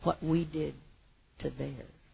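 A woman preaching a sermon with passion, her voice moving between hushed and loud. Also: low-pitched, fairly even intonation, takes it slowly, gravelly, breathy edge, rough recording.

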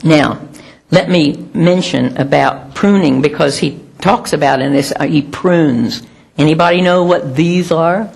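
A woman's voice: low-pitched, a little slow, creaky, darkish tone, husky. A middle-aged woman preaching a sermon in a conversational, emphatic way with self-mocking humor.

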